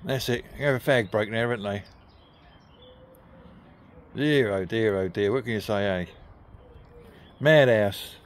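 A man's voice: fairly low pitch, unhurried, pauses often. A man filming his dogs in a garden, teasing and cheering them on with a chatty, laughing manner. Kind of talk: casual talk to pets while filming. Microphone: handheld camera.

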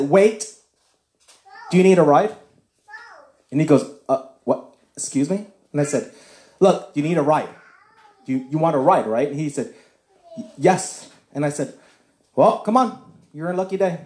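A man telling a personal faith testimony as casual talk, acting out both sides of a conversation with lively shifts of voice. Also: on the high side, roomy sound. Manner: acts out dialogue with shifting voices. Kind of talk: animated storytelling testimony.

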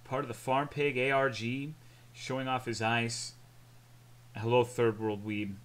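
A man's voice: mid-range voice, level tone, measured pace, fairly bright tone. A man streaming, chatting casually in a rambling, jokey way and reading chat aloud.

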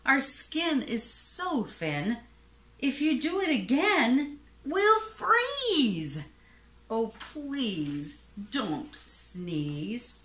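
A woman's voice: high voice, wildly swooping pitch, drawn-out words, a bit bright, pitched above the performer's own voice, heavily acted. A woman voicing a worried school of fish in a storybook read-aloud, pleading. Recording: echoey room.

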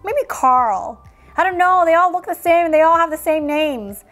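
A woman's voice: extremely high pitch, expressive, normal speed, a bit bright, faint music behind. A woman hosting a toy unboxing video, narrating in a silly, playful way and making sound effects.

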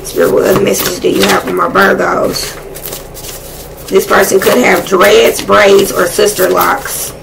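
Woman tarot reader, blunt and excitable, cursing a lot; fry in the voice, noisy home recording. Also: mid-range voice, a little slow. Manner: profane, blunt and excitable, talking to spirit. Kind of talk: casual live tarot reading.

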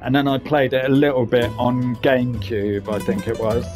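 A man hosting relaxed gameplay commentary, full of jokes and rambling asides. His voice sits in an ordinary middle pitch and stays casual. Faint music runs underneath. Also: normal speed. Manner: chatty, jokey, rambling asides. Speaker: gaming channel host.

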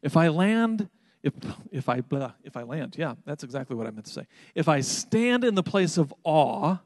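A man's voice: a little high, sing-song, normal speed, darkish tone, dry recording. A man preaching a sermon, reading scripture with rising intensity and then explaining it in a conversational teaching tone. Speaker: pastor.

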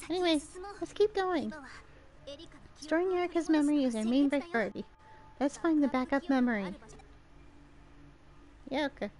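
This young woman's voice is high-pitched and darkish, moving at a moderate pace with frequent pauses while she streams a game. She performs its dialogue in different voices and drops in casual asides.

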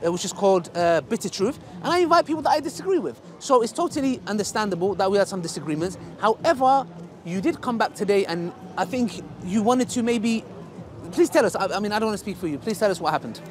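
Quick-talking man, high voice. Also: animated. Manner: quick, halting, conciliatory. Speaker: host, debater. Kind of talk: casual talk to camera. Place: outdoor public park. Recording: crowd noise outdoors.

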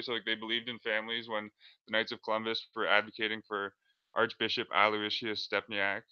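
A man talks through on-screen material in a halting, filler-heavy way. His voice is low and flat, with a smooth tone. The recording sounds dull and lo-fi. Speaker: video creator. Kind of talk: casual screen-share commentary.

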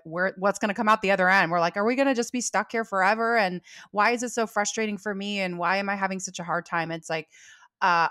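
A woman's voice: lowish voice, fairly bright tone, dry recording, studio quality. A woman hosting a casual chat as a salon owner, bubbly and chatty and laughing often. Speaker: podcast host and salon owner.

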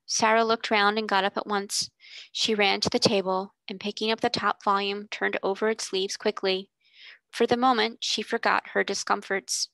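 A woman narrating a classic children's novel aloud in a measured storytelling manner. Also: medium pitch, little pitch movement, gravelly, a bit bright, dry recording, low-quality recording. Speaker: reader. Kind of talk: audiobook narration.

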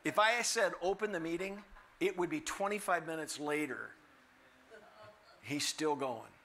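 An older man preaching a sermon as a guest speaker, animated and humorous, acting out the voices he quotes. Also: on the high side, unhurried, slight background noise.

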